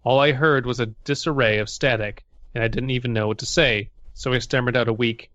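A man in a comedic dramatic reading who narrates with mock seriousness and breaks into laughter. His voice sits at a middle pitch, close and dry, and the audio sounds dull and lo-fi. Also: steady tone, fairly quick, a bit bright, no room sound.

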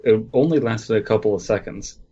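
A man with a fairly low voice who reads in a deadpan, unhurried way during a comedic reading. The audio is dull and lo-fi. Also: slightly rough.

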